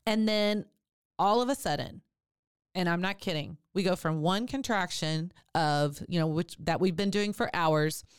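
A woman who educates about childbirth and writes about it, talking on a podcast in a lively way, addressing listeners directly and acting out laboring moms. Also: lowish voice, measured pace, smooth, dry recording, clean studio sound. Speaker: birth educator and author. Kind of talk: podcast talk.

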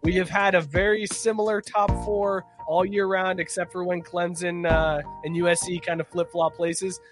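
A man's voice: high voice, little pitch movement, normal speed. A man hosting a sports podcast, reading out a ranked list in a casual, upbeat way. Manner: reads rankings off a list, upbeat. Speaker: podcast host. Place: podcast studio. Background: music playing.

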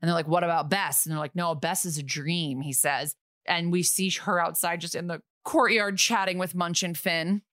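A woman co-hosting a podcast, recapping a TV episode in casual chat with sarcastic, quick asides. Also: lowish voice, steady tone, fairly bright tone, no room sound, clean studio sound.

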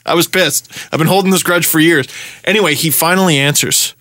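Animated, swearing man telling a story. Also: fairly high pitch, fairly quick, no echo. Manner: animated, profane, acts out his own ranting. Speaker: podcast host. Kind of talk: casual storytelling chat.

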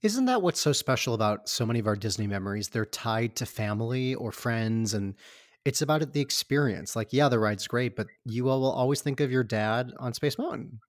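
A man's voice: mid-range voice, animated, fairly quick, no echo, clean studio sound. Upbeat male podcast host from Michigan. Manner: upbeat, enthusiastic interviewer. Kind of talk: casual interview chat.

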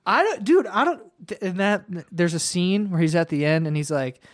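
A man on a podcast rambles through excitable stories in relaxed, casual chat. He restarts his sentences often and drops swear words as he gets worked up. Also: high-pitched, moderate pace. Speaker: podcast co-host.

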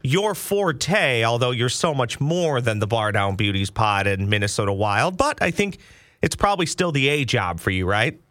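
A man hosts a sports podcast, chatty and joking. His voice is bright and forward. The sound is dry and close to a studio mic. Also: mid-range voice, lively intonation, normal speed, dry recording. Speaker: podcast host. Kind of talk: casual sports podcast chat.

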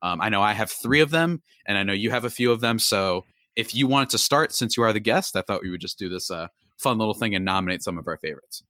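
A man's voice: on the low side, lively intonation, fast talker, hardly any pauses, bright, forceful tone, no room sound, studio quality. A man hosting a sports podcast, reading the intro and ads with upbeat, swooping energy, then chatting casually with his guest. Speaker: podcast host.

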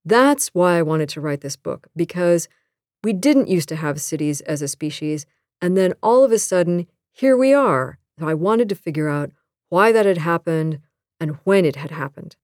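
Earnest woman archaeologist, lowish voice. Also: animated, normal speed, a little mellow, dry recording, clean studio sound. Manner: earnest, enthusiastic. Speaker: author and archaeologist. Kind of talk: prepared author introduction.

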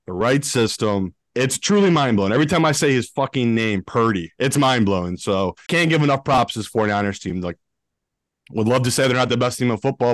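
A man from northern England with a northern English accent, co-hosting a betting podcast in a blunt, swearing, animated casual chat. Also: medium pitch, no room sound. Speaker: co-host, professional bettor.

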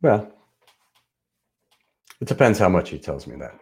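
Easygoing low-voiced man, halting speech. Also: sing-song, gravelly, a little mellow. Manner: hesitant, many fillers and restarts, easygoing. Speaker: podcast co-host. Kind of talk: casual chat.

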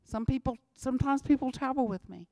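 A woman's voice: high voice, brisk, mellow, no echo. A woman, giving an emphatic church talk about mission work and repeating her key lines. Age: 60s. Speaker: missionary speaker.

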